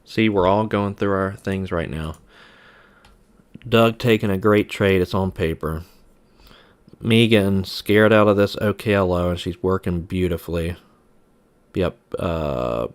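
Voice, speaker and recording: A man runs a live trading stream and talks to his chat in an aggravated, repetitive way. His voice sits low and stays smooth and resonant as he vents. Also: unhurried. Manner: frustrated, repeats himself, sighs.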